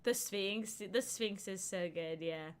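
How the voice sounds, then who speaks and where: A woman's voice: mid-range voice, slow, smooth. A woman streaming a video game, chatting casually with rambling asides and frequent laughter. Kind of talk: casual gameplay commentary.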